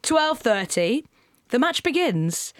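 A woman's voice: high voice, very animated, takes it slowly, no room sound, clean studio sound. A woman hosting a podcast, retelling events step by step in a chatty, laughing way. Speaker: podcast host. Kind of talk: casual chat, retelling events.

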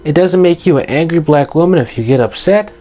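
Teen boy, earnest motivational monologue, emphatic and passionate, slightly high voice, soft guitar music behind. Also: animated, fairly quick. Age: teens. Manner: passionate, emphatic, repeats key phrases. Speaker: youth vlogger giving advice.

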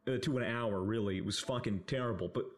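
A man's voice: lowish voice, fast. A young man telling a casual story on a podcast, rambling with lots of fillers, swearing and laughing as he goes. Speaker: podcast co-host.

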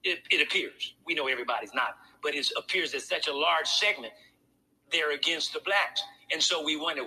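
Bright-voiced man preaching a sermon. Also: a little high, fairly quick, slight background noise, poor audio. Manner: conversational preaching with pointed asides. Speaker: pastor.

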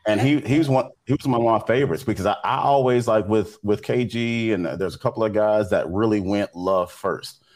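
A man on a review panel, talking in a relaxed, rambling way with many restarts. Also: lowish voice, brisk, few pauses. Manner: relaxed, rambling, repeats words. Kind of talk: casual chat.

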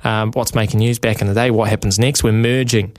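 A man's voice: fairly low pitch, steady tone, brisk. A man hosting a sports radio show, talking casually with frequent ums. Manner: chatty, many ums and uhs. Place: radio studio.

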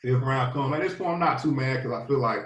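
A man's voice: mid-range voice, fast talker, fairly bright tone, slight background noise. A man from North Carolina, a pro football player, telling his story as a guest in a laid-back, rambling way full of fillers. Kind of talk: casual storytelling. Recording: roomy, distant from the mic.

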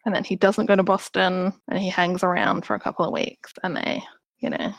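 A woman's voice: lowish voice, little pitch movement, a little fast, creaky, no room sound, poor audio. A woman hosting a podcast who recaps a film in a chatty, wry way and acts out the characters' lines. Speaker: podcast host reviewing a film. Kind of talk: casual chat.

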